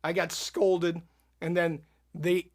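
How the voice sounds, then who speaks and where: A man telling a story as a podcast guest, animated and laughing often. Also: on the high side, slow pace. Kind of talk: casual storytelling.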